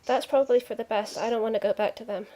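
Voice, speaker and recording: A young woman chats casually as a player in a tabletop role-playing game, explaining and justifying her character's choices. Her voice sits a little high. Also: fairly even intonation, fast talker, warm tone.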